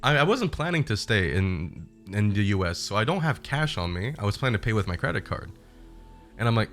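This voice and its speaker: A young man streamer casually retelling a bad trip, animated and profane. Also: on the low side, a little fast, faint music behind. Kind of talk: casual storytelling.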